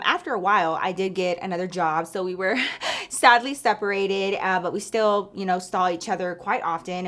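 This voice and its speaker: Woman vlogger, story-time host, chatty and profane, animated delivery. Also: lowish voice. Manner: animated, chatty, profane, addresses viewers as bestie.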